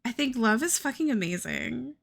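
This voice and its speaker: A bright, lively young woman from the American South chats with her stream viewers in an easy, rambling way. Her pitch is on the high side and jumps around a lot, and she swears freely. Her talk is packed with "like". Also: moderate pace, gravelly. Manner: chatty, heavy "like" filler, swears freely. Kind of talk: casual chat with chat.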